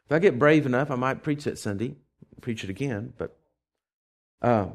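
A man's voice: medium pitch, normal speed. A man who is a pastor, preaching a conversational sermon in a church, with rising bursts of energy.

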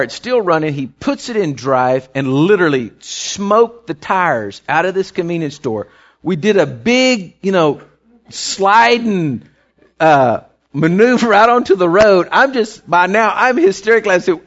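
A man's voice: high-pitched, very animated, unhurried. A man preaching a sermon, telling a story in a folksy, rambling way. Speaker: pastor. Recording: dull lo-fi recording.

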